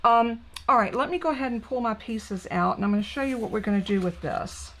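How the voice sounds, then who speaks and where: A woman's voice: on the high side, a little fast, fairly bright tone, rough recording. Southern woman demoing card-making live, gushy, chatty, full of ums. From Southern United States. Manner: chatty, gushing, thinks aloud with fillers. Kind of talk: live crafting stream.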